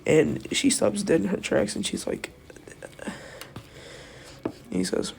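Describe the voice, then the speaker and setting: A man's voice: high voice, sing-song, slow pace, creaky, darkish tone, a little hiss or hum. A young man casually retelling a fan-fiction story, rambling, filling with "like" and correcting himself. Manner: rambling, full of "like", self-correcting.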